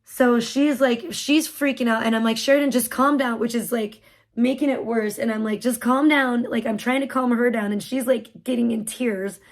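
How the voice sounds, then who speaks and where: A woman's voice: fairly high pitch, fairly even intonation, normal speed, darkish tone. A woman live streamer telling a story in a rambling, frazzled way and swearing freely. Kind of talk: casual storytelling on a livestream.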